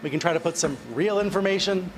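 A man's voice: sits high, quick pace, crowd noise, poor audio. A man moderating a panel discussion, chatty and slightly hesitant. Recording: conference recording with clear background noise.

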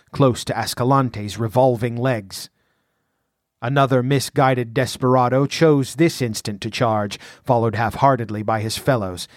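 Male audiobook narrator, even mid-pitched voice, dry close sound, steady dramatic storytelling. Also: no echo. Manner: measured, vivid storytelling.

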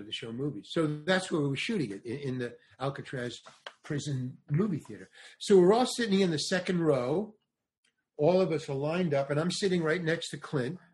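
An older man, a comedian and actor with a slightly high voice, appears as a guest telling anecdotes. He's animated and acts out other people's lines as he tells his stories.

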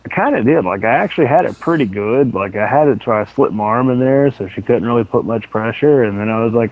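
A man's voice: medium pitch, animated, fast talker, few pauses. Profane man on a tinny line. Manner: profane, rambling storyteller. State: sore throat. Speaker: podcast co-host. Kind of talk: casual gaming podcast chat.

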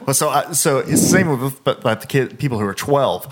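A man in casual podcast chat, telling funny stories from online games. He laughs as he goes. His voice sits at an ordinary middle pitch. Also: animated, a little fast, noisy background. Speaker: podcast co-host. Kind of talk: casual gaming chat, storytelling.

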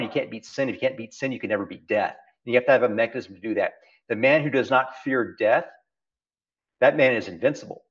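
In a muffled recording, a Texan man in middle age, a private equity chief executive, speaks as an interview guest. His voice is mid-range, and his reflective talk is emphatic, leaning on repeated phrases to drive points home.

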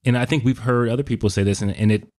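A man's voice: mid-range voice, steady tone, racing, darkish tone. A middle-aged man co-hosting a podcast, talking reflectively in long, winding sentences with frequent restarts. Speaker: podcast co-host. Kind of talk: casual podcast conversation.

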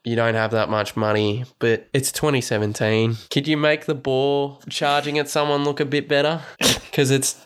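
A man co-hosting a podcast, casually recapping a horror movie in a profane, animated way, gushing over the gory parts. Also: mid-range voice, moderate pace, clean tone. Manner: profane, animated, enthusiastic about gore. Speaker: podcast co-host. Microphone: podcast microphone.

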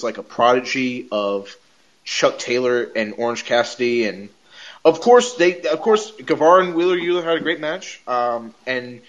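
A man co-hosting a podcast, recapping wrestling shows in an animated, casual way, swearing and laughing as he goes. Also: medium pitch. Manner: animated storyteller, swears and laughs mid-sentence. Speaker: podcast co-host.

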